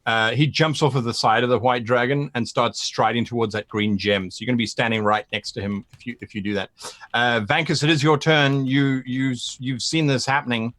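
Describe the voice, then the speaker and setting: A man runs a tabletop game, describing the scene at a middle pitch. He often trips over and repeats words as he narrates. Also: steady tone, a little fast, a bit bright, dry recording. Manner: stammering repetitions while narrating. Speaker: game master.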